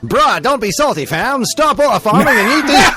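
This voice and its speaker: A podcast host putting on an exaggerated young Gen Alpha slang talker with a squeaky, drawn-out delivery for a comedic mock promo. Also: male voice, big pitch swings, background noise. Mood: goofy.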